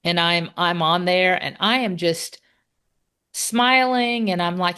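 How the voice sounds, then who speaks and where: A woman's voice: lowish voice, slow pace, a bit bright, clear, resonant tone. A middle-aged woman from Texas with a Texan accent, co-hosting a podcast in casual chat and telling stories cheerfully, laughing often. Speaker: podcast co-host.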